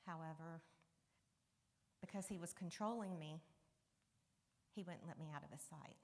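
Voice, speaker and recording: A woman's voice: low voice, moderate pace, a little mellow. Candid woman, echoing church. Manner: candid and conversational, dropping to near-whispers on painful moments. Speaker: guest speaker sharing a testimony. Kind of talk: personal testimony to a congregation. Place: church sanctuary. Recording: long reverb of a church hall.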